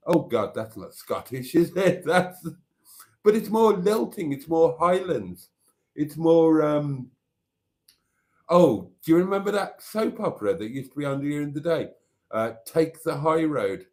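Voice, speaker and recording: A man's voice: a little high, sing-song, a little slow, a little mellow. A man hosting a live stream, chatting casually and laughing with delight while reacting to viewer messages.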